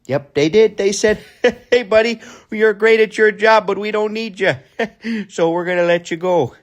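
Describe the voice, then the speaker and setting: A man playing a hapless, cheerful young man who laughs off every misfortune with giggles and drawn-out ums. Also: sits high. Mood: chipper. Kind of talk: comedy sketch monologue.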